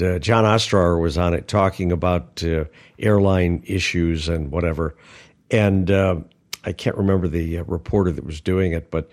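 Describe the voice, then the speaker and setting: A man with a low voice co-hosts a casual podcast. He talks in loose, rambling stories full of fillers and restarts. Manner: rambling storyteller, many fillers. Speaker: podcast co-host. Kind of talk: casual chat.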